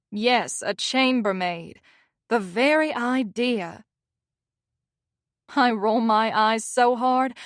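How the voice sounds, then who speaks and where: A woman's voice: on the high side, a bit bright, no echo, clean studio sound. A young woman with a Southern accent narrating a first-person romance audiobook in a wry, self-mocking way.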